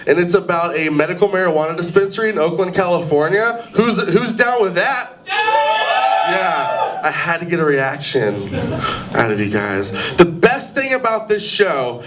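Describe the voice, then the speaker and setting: A man's voice: high-pitched, very animated, measured pace, a crowd in the background. A man in his twenties doing a rambling, self-deprecating stand-up set on a pub stage, with lots of "like". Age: 20s. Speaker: stand-up comedian. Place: pub stage with live audience. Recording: distant mic, audience laughter.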